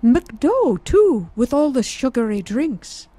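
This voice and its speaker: A woman's voice: high-pitched, big pitch swings, slow, dark tone, no room sound, pitched above the performer's own voice, heavily acted. A woman voicing an eager, chatty Frenchwoman with a sing-song way of talking.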